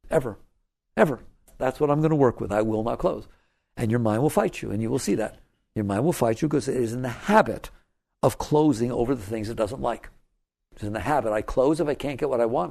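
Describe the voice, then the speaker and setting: A man with a rough, husky voice and some gravel in it gives a spiritual talk to an audience. He sits at a middle pitch and presses his points hard, repeating key lines. He often turns to the listeners with questions. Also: a little mellow. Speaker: spiritual teacher.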